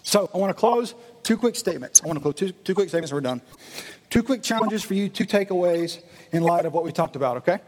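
A male pastor giving an animated sermon, acting out the voices of his listeners. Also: sits high, fast. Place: church meeting in a gym. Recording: echoey hall.

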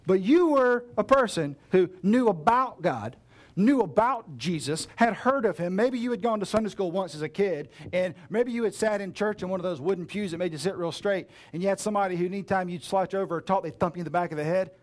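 Playful preacher, slightly high voice. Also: male voice, fairly quick. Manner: casual, playful, acts out dialogue. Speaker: pastor. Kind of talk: sermon storytelling.

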